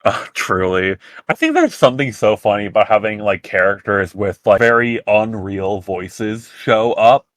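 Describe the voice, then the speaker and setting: A man hosting a casual podcast chat, rambling with halting restarts. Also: fairly low pitch, big pitch swings, fairly bright tone, no echo. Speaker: podcast host.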